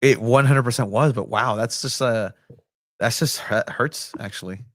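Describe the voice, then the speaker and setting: A young man co-hosts a casual sports podcast and also works as a soccer reporter, rambling along with plenty of fillers and jokes. His voice is medium-pitched and moderately paced. The recording is dry, with clean studio sound.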